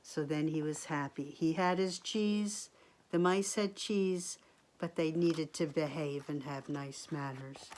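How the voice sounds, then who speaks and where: Woman teacher, slow read-aloud storytime voice, expressive, asks kids questions. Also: deep voice. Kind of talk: picture-book read-aloud for children.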